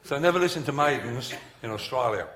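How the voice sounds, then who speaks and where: A man's voice: medium pitch, fast, background noise. A man preaching a humorous sermon in a large hall, telling stories with jokes and asides. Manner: animated storytelling, jokes and asides. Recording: echoey hall recording.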